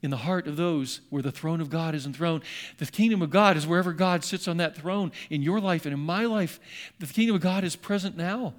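A man preaching a sermon in a church sanctuary, dramatically acting out scripture voices and swinging between loud and hushed. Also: fairly high pitch, fairly quick. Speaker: pastor.

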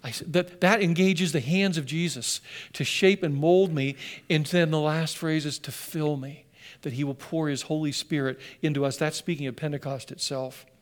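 A man preaching a sermon, telling the story with passion and swinging from loud emphasis to hushed lines. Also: a little high, fairly even intonation, moderate pace.

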